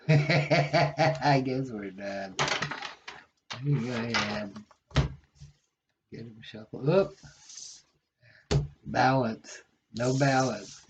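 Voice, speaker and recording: A man's voice: mid-range voice, muffled recording, slight background noise. A man rambling and musing aloud as he reads tarot cards at home, talking to spirit between draws. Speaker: tarot card reader. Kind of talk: casual rambling card reading.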